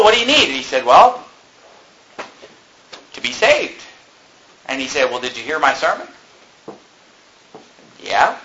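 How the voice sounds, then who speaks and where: Pastor, male, high bright voice, fiery preaching that swings between shouts and quiet asides, faint hiss behind. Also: low-quality recording. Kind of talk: sermon.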